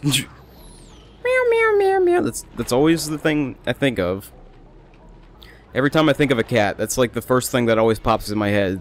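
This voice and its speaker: A young man rambling chattily through casual gameplay commentary as a let's play host. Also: fairly low pitch. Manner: rambling, chatty, self-amused.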